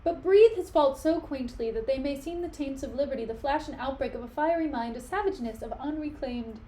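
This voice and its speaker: A woman's voice: high-pitched, a little fast, warm tone, close to an everyday voice. A woman voicing a pompous, forgetful old male courtier, reading his long-winded lines from a play. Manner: wordy, forgetful, lecturing.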